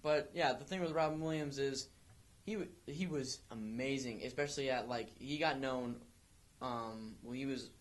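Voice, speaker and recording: At normal speed and in a mid-range voice, a young co-host chats on an amateur podcast. The talk is casual and meandering, riddled with restarts and fillers.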